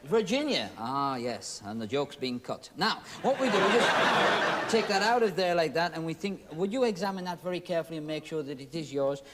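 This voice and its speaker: Hosting a 1970s TV magic show in front of a studio audience, a man guides volunteers through a trick with playful, joking patter. His fairly quick speech is rather high with lively intonation, and there's background noise.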